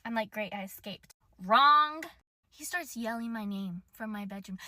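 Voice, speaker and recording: A young woman telling a casual storytime, recounting it in an animated, dramatic way. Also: on the high side, measured pace.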